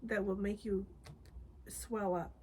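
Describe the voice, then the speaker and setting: A woman's voice: mid-range voice, fairly even intonation, slow pace, warm tone. A middle-aged Canadian woman co-hosting a knitting podcast, telling stories in a cheerful, chatty way. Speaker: podcast co-host. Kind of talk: casual chat. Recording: faint background noise.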